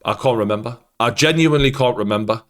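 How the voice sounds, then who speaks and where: Man, fan-channel host, furious sweary post-match rant, mid-pitched voice. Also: fast talker. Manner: angry, heavy swearing, ranting.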